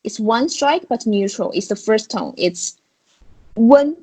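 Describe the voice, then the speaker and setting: A woman's voice: mid-range voice, expressive, a little slow, a little mellow, breathy edge, rough recording. A woman with a Chinese accent teaching a beginner Chinese tones in an online lesson, explaining patiently step by step. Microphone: video call.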